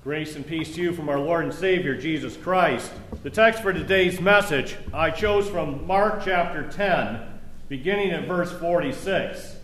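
A man with a high voice delivers a sermon as a pastor. He reads scripture and then explains it in a loose, conversational way with joking asides. The recording is roomy and echoey, as if from a church sanctuary. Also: measured pace, a bit bright, a little hiss or hum. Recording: echoey room.

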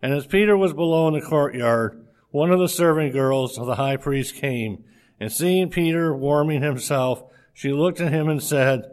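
A man reading a scripture passage aloud in a steady, measured way, with a few slips. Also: a little high.

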